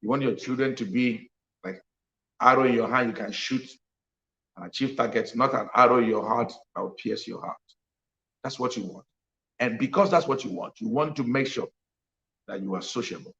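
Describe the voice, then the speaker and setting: A man's voice: mid-range voice, normal speed, long pauses, fairly bright tone, muffled recording. A man preaching at a parenting conference, emphatic and repeating his key lines for effect. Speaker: pastor. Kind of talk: sermon.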